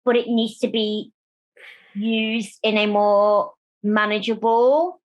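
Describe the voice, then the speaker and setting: A woman's voice: mid-range voice, takes it slowly, highs cut off. A woman from Germany, a guest on an interview show, talking candidly and with animation about her life. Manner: animated, chatty, acts out quoted voices. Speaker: guest, disability rights campaigner.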